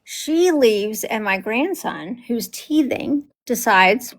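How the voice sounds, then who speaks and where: A middle-aged woman tells family stories in a casual chat, acting out the voices of the people in them. Her voice sits fairly high and carries a gravelly fry. She talks animatedly and laughs easily. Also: measured pace. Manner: animated, acts out quotes in voices, laughs often.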